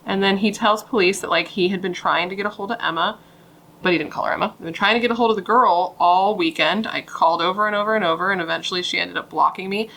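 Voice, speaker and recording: A woman's voice: mid-range voice, fairly even intonation, fast, bright, forceful tone. A young woman telling a true crime story in a casual, chatty way, swearing and saying "like" a lot.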